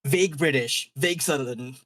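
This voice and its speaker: A man's voice: mid-range voice, moderate pace. A man, the group's game master, chatting casually and laughing at his own old voice work. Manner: laughing, self-deprecating, animated. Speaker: dungeon master. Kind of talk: casual chat among players.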